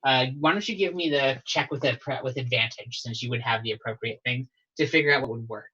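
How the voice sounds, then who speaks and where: A game master describes scenes and calls for dice checks in a live tabletop game, easygoing and descriptive. The voice is bright and forceful, and the audio is a little dull and lo-fi. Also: mid-range voice, quick pace, slightly rough.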